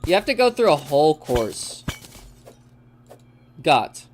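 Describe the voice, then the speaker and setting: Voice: mid-range voice, very animated, takes it slowly, slight background noise. A young adult streamer in casual, joking banter with friends during a live game session, laughing often and swearing freely. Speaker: gaming streamer.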